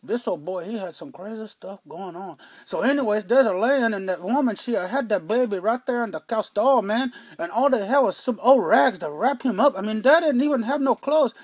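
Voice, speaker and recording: A man's voice: high voice, normal speed, few pauses, breathy edge, no echo. Someone playing a rambling man. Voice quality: rambling, fills every phrase with "man" and "you know". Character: rambling Mexican-American man, excitable storyteller. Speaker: comic character. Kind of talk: comedic monologue.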